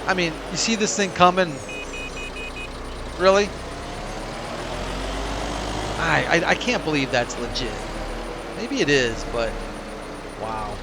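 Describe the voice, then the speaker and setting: A man's voice: a little high, expressive, slow, long pauses. A man casually commenting as he plays a farming game, musing aloud and laughing to himself. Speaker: let's play host. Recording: game engine noise behind voice. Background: tractor and engine sounds from the game.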